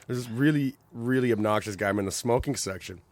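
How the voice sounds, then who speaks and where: A man's voice: mid-range voice, quick pace, no echo. A man co-hosting a podcast, chatting casually and acting out the people in his stories. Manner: animated storyteller, acts out other people's lines. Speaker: podcast co-host. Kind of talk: casual chat.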